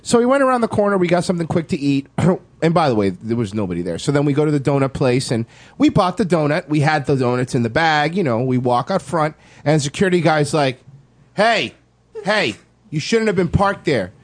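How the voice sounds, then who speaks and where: Man, a bit high-pitched, rambling casual storytelling, lots of restarts, swears freely. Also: very animated, fast talker. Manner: rambling, with many restarts and fillers.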